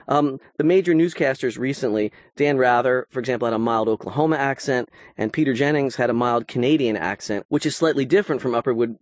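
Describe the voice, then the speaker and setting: A man's voice: medium pitch, no room sound, studio quality. A man giving a recorded lecture, explaining in a conversational way with occasional asides.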